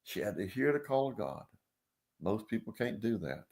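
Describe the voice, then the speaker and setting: A man preaching a sermon in a folksy way, acting out the people in his stories and swinging from loud to hushed. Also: lowish voice, sing-song, normal speed. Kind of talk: sermon with storytelling.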